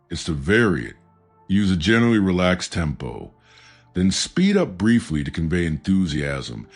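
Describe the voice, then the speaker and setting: A man giving calm, measured, scripted narration of a self-help audiobook. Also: low voice. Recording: faint background music.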